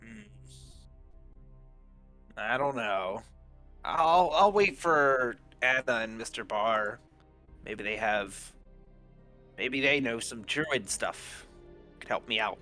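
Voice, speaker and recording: A man playing a tabletop game, chatting casually in a halting, stammering way. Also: medium pitch, animated, bright, forceful tone, soft background music. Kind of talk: casual chat.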